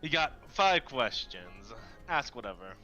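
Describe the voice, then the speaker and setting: A man playing a tabletop game, narrating his character's actions in a relaxed way with many fillers. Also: mid-range voice, unhurried. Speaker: player. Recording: dull lo-fi mic, faint music.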